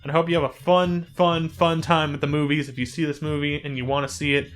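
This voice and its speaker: A man hosting a gaming channel, chatting casually and rambling through gameplay commentary with sudden excited exclamations. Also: a little high, quick pace.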